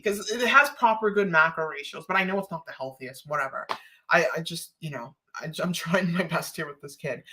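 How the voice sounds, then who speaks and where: A Canadian woman with a sharp, medium-pitched voice rambles on a live stream. She laughs often even though she's emotional and close to tears.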